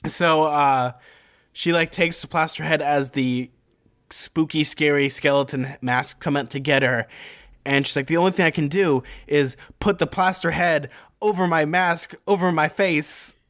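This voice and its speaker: A young man co-hosts a casual chat and rambles through a story with jokes and fillers. His voice sits a bit high for a man. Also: unhurried, fairly bright tone. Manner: rambling, jokey, many fillers. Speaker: podcast co-host.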